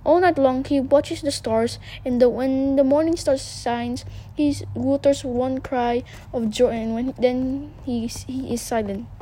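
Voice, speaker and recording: A woman's voice: high voice, steady tone, measured pace, warm tone. A woman reading a fairy tale aloud, stumbling over words, correcting herself, and dropping casual asides. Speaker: reader.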